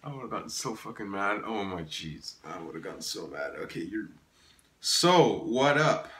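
A man's voice: fairly low pitch, sing-song, unhurried, a bit bright, reverberant. A man giving casual gameplay commentary, exasperated, swearing often and laughing at himself. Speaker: gaming YouTuber.

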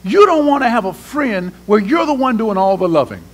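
Man, pastor, high voice, animated sermon, acts out prayers, calls out to congregation. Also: brisk. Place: church sanctuary.

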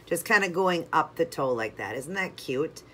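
A nail art channel host talking viewers through each step of a toe design while working, chatty and relaxed, sometimes drifting away from the mic. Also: mid-range voice, moderate pace, slight background noise. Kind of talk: step-by-step craft tutorial.

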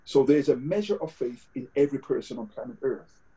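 A man's voice: medium pitch, expressive, brisk, warm tone, muffled recording. A man with a British accent preaching a sermon over a video call, conversational, with scripture quotes and fillers. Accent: British English.

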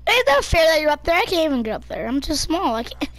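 A woman giving excited live commentary over an online game, yelling and laughing at her teammates. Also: sits high, quick pace, no echo. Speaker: gamer.

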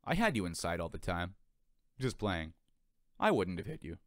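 A man voicing a calm, friendly male seagull who talks in an easygoing, relaxed way, in a storybook reading. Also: lowish voice, moderate pace, dry recording, clean studio sound, natural voice.

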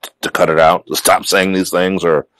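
A man's voice: low-pitched, little pitch movement, normal speed, fairly bright tone, clean tone, dry recording, rough recording. A man interviewing a guest, asking questions in a hesitant, sympathetic way with fillers and restarts. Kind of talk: casual interview.

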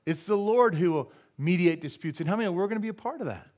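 A man preaching a sermon in church, animated and joking, often asking the congregation for an amen and tossing in silly voices and sound effects. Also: high-pitched, fast. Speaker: pastor. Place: church sanctuary.

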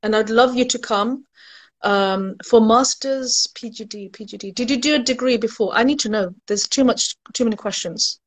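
A woman's voice: on the high side, normal speed. A woman education recruiter chatting casually on a live stream, laughing at her own jokes and answering viewers' questions.

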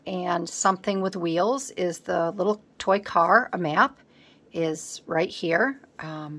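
In a casual crafting vlog, the host chats while working and teases herself for being scatterbrained. She has a fairly low-pitched voice with a fairly bright tone.

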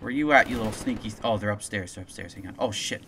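A young man chatting on a live gameplay stream, excitable and profane, telling stories in slangy talk. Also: on the low side, fast talker, crowd noise. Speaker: gaming streamer.

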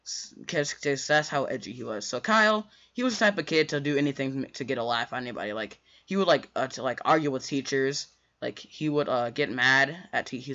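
A man's voice: mid-range voice, pushed and bright. A man telling a school story in a casual, rambling storytime monologue, full of fillers, restarts and slangy asides. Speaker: storyteller vlogger. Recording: dull lo-fi recording.

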